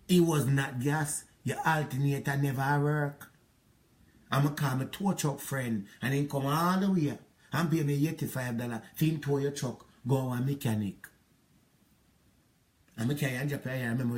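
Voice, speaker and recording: A middle-aged man with a Jamaican accent, rambling through an aggrieved spoken account of a past relationship. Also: medium pitch. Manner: rambling, aggrieved, patois-inflected storytelling. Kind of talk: monologue recounting a past relationship.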